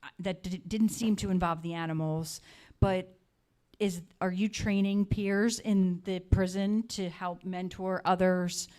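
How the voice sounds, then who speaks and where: A woman hosts a live talk show with a fairly low voice. She speaks to her guest in an encouraging, appreciative way. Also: steady tone, measured pace, dark tone.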